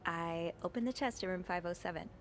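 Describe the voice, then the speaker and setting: A woman's voice: lowish voice, a little fast, slight background noise, lightly acted. An actress playing a curious young woman in a game who investigates hotel mysteries in an easygoing, matter-of-fact way. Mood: calm.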